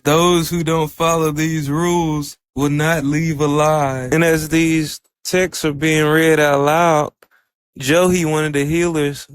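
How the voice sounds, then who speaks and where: Male anime reviewer, relaxed storyteller with a slightly higher, clean voice. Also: smooth. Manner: loose, conversational storytelling with "like" fillers. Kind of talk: casual episode recap.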